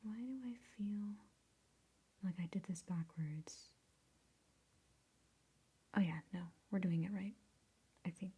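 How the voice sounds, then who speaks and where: A woman teaching photo editing in a casual tutorial. Her voice is mellow with a gravelly edge, and she often sinks into a whispered mutter as she concentrates. She talks in a self-deprecating way and chuckles at her own mistakes. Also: medium pitch, takes it slowly, long pauses. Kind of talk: casual screen-recorded tutorial.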